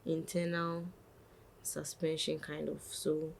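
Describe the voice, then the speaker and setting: A young woman, a podcast guest telling a lively story and acting out what others said. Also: low-pitched, takes it slowly, gravelly, husky. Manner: animated, acts out quotes of others. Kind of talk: casual storytelling.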